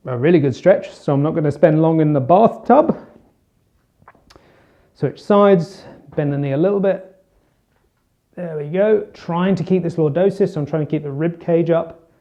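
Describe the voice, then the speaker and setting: A man's voice: on the high side, unhurried, long pauses, lo-fi sound. A man working as a fitness coach, talking casually while he demonstrates stretches. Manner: relaxed, chatty, talks while demonstrating stretches. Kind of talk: instructional demonstration.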